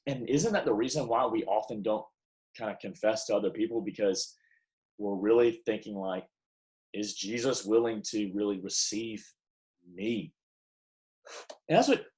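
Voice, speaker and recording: A man's voice: mid-range voice, poor audio. A young man giving a devotional sermon in a casual, emphatic way, with many restarts. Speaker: preacher.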